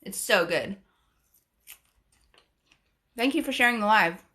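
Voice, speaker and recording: A woman's voice: mid-range voice, animated, takes it slowly, sharp tone. A woman hosting a casual live stream, greeting viewers and reading their comments aloud in a bubbly, gushing way that often repeats itself. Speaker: live stream and podcast host.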